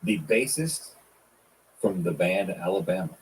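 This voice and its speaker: A man in his forties co-hosting a podcast, laying out show ideas in relaxed chat. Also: low voice, a little slow, far from the mic, a little hiss or hum, poor audio. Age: 40s. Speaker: podcast co-host.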